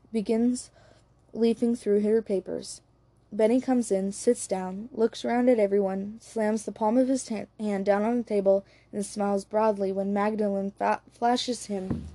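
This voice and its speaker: Woman narrating an audiobook with a mellow tone. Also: mid-range voice, dry recording. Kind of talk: scripted narration.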